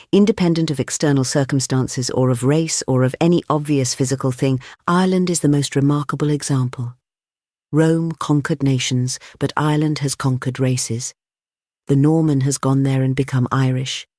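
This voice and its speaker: Male narrator for an essay audiobook, warm low-lit tone, deliberate phrasing with steady pauses, dry close recording. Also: no room sound. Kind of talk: scripted audiobook reading of essays.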